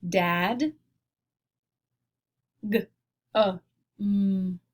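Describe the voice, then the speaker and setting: Slow, deliberate woman teaching phonics. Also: medium pitch. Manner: slow, clearly sounding out each phoneme.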